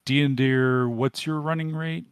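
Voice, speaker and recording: His mid-range voice is clean, with no echo, as this man game-masters a tabletop role-playing game. He lays out the action steadily and methodically, with frequent ums.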